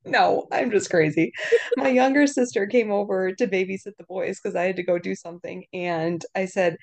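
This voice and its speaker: A woman's voice: mid-range voice, normal speed, a little mellow. A woman in her thirties co-hosting a podcast, chatting about her young sons with easygoing, self-deprecating humor. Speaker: podcast co-host. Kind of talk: casual chat.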